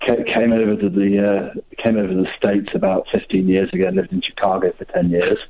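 A man's voice: fairly low pitch, very animated, brisk, vocal fry. Friendly man on a muffled phone line. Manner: friendly, chatty, hesitant. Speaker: radio caller.

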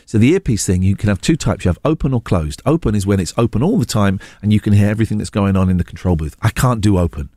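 A British man in his forties, a radio show host, chatting casually and telling animated, self-mocking stories. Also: lowish voice, quick pace, few pauses, dry recording, clean studio sound. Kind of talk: casual chat.

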